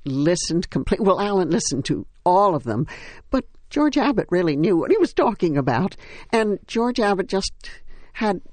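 An older woman, a stage actress, reminiscing in an interview with a wry, unhurried storytelling manner. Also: mid-range voice, a little mellow, no echo.

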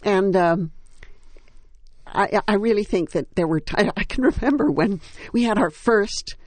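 An older woman, a stage actress, reminiscing in an interview with a wry, unhurried storytelling manner. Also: mid-range voice, expressive, dry recording.

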